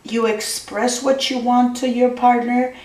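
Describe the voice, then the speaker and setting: A woman's voice: fairly high pitch, level tone, unhurried, darkish tone, recorded from a distance. Gushing woman tarot reader in a roomy room. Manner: keeps addressing the viewer by star sign, gushing and reassuring. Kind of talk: tarot reading vlog. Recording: roomy, voice from off the mic.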